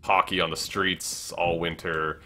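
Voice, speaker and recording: Streamer, young man from Canada, faint Canadian accent, deep and bright-edged, chatty and rambling over soft game music. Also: little pitch movement, measured pace. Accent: subtle Canadian. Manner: rambling, chatty, many fillers and self-corrections. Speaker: livestreamer. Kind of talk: casual gaming livestream chat, reading chat aloud.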